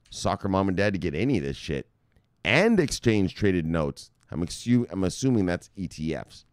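A man's voice: extremely low pitch, gravelly, no room sound, studio quality. Profane, ranting male news host. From United States. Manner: loud, swearing, laughs at own jokes, swings from shouting to muttering.

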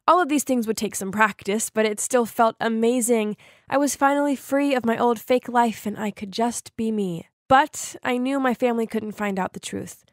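Woman, fairly high voice, dry close recording, confessional storytelling narrator. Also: no echo. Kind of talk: first-person animated story narration.

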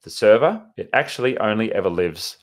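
Male tech consultant host, fairly low voice, emphatic and direct tips. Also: expressive, a little fast. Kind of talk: explanatory tech tips to camera.

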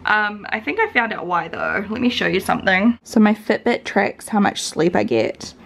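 A woman's voice: medium pitch, huge pitch swings, moderate pace, creaky. A young woman from New Zealand with a New Zealand accent, chatting casually and rambling in a tired way while vlogging at home. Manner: chatty, rambling, laughs often. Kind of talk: casual vlog chat. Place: home bedroom, indoors.

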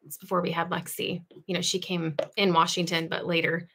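A woman hosting a casual home livestream, reading out viewer comments and chatting with lively asides and frequent laughs. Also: on the low side, brisk, husky. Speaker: livestream host.

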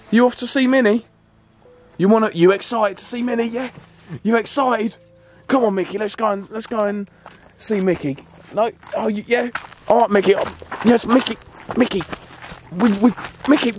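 A young man filming an acted vlog skit, shouting pleas and orders at a prankster, then calmly talking to his viewers. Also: sits high, moderate pace, long pauses, slight background noise. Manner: shouting pleas and commands, then calm to-camera wrap-up. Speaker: vlogger. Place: outdoors and in a car at night.

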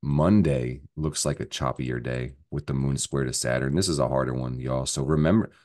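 A man's voice: extremely low pitch, normal speed, darkish tone. A man giving a casual astrology forecast, profane and rambling, joking as he goes through the week. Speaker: astrology vlogger.

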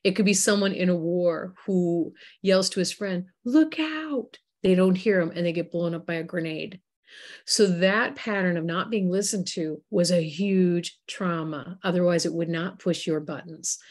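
A woman guest author in an interview, telling animated stories and acting out the voices of the people in them. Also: lowish voice, normal speed. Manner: animated storytelling, acts out quoted voices. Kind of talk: interview conversation.

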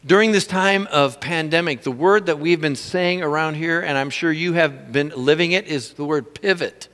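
A middle-aged male pastor preaching with a high, bright and forceful voice. He tells stories with animated energy and laughs easily. The sound rings with a long hall reverb. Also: moderate pace. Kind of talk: sermon.

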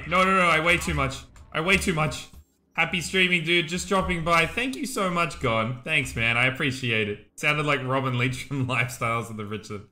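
Excitable man streaming a game. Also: medium pitch. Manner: excitable, exclaims and laughs often. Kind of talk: casual gameplay commentary.

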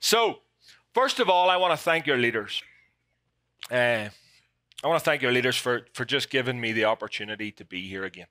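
A man's voice: mid-range voice, animated, brisk, long pauses, bright, forceful tone, no echo. A man with a Northern Irish accent preaching as a guest pastor, joking about himself and getting emotional. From Ireland. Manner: jokey, self-deprecating, emotional. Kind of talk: sermon. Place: church sanctuary.

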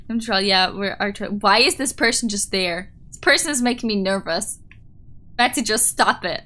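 A woman live streaming as she plays a game, chatting casually with viewers, excitable and giggly, squealing when startled. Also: mid-range voice, moderate pace.

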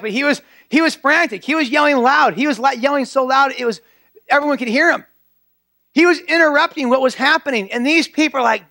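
A man's voice: very high-pitched, brisk, pushed and bright, no echo, studio quality. A male pastor preaching a sermon in a church, earnest and repeating key phrases for emphasis.

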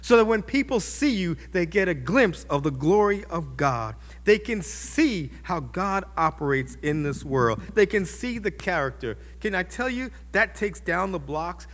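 High, lively preaching man in echoing hall. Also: measured pace. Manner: impassioned preaching with sudden loud rises. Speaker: pastor. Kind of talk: sermon. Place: church.

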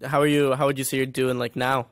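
A male podcast host asks questions in a relaxed, casual way, teasing his guest and laughing easily. His voice sits at an ordinary pitch, and the recording is dry and close. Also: fast, no room sound.

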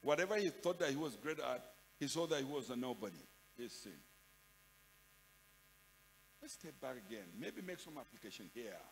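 Older Nigerian-accented pastor preaching in a hall. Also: male voice, medium pitch, animated, normal speed, gravelly, long pauses, slight background noise. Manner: emphatic, repeats phrases, swings from loud to soft. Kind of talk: sermon. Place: large conference hall. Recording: long hall reverb.

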